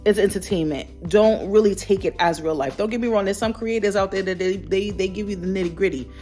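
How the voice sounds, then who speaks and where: A woman's voice: mid-range voice, fairly quick, dark tone, soft background music. A woman vlogger speaking candidly to camera in an earnest, reflective way, often repeating phrases for emphasis. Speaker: lifestyle vlogger.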